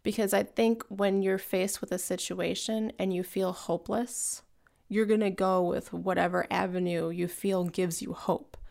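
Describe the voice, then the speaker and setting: A woman's voice: mid-range voice, level tone, unhurried, creaky, darkish tone. A woman co-hosting a faith-based conversation, talking in an earnest, reflective way.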